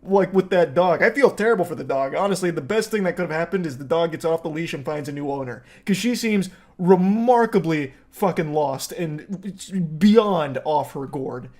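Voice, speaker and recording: A man's voice: fairly high pitch, animated, moderate pace, hardly any pauses, a little mellow. A man giving sarcastic, joking commentary on a video clip, swearing and laughing as he goes. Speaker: reaction commentator. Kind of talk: casual commentary.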